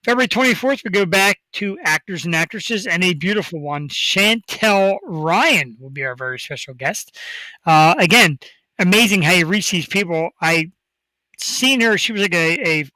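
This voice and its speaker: A male talk show host hyping up upcoming guests in a rambling, excitable way. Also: sits high, normal speed, no room sound, rough recording. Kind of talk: casual talk show chat.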